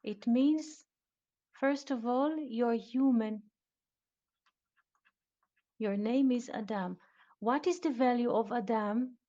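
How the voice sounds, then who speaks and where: A woman teaching a live online Bible lesson, speaking deliberately and quizzing her students. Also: on the high side, mellow. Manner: slow, deliberate, questioning students. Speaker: Biblical Hebrew teacher. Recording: dull lo-fi online audio room.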